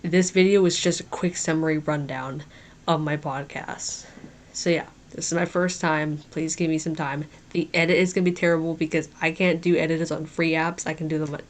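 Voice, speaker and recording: A woman podcaster chatting casually on camera, a little hoarse from losing her voice, nervous and restarting her sentences. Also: deep voice. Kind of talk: casual video review and rambling sign-off.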